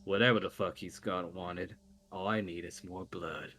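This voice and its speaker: Man doing a deep, crass bloodthirsty brute. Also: steady tone, normal speed, bright, forceful tone, a little hiss or hum. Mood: bored. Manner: crude and lazy.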